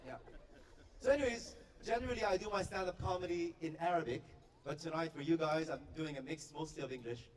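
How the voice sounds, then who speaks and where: A man doing live stand-up comedy, telling stories and slipping into high put-on voices for the people he quotes. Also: a little fast. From Korea. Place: live event hall with audience. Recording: distant stage mic with faint noise.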